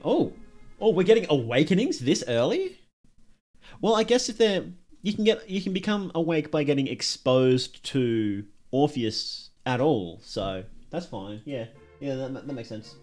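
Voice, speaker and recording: A man's voice: a little high, a little mellow. A man streaming a live reaction, thinking aloud with curious, enthusiastic comments and musing questions. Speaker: streamer reacting to a horror series.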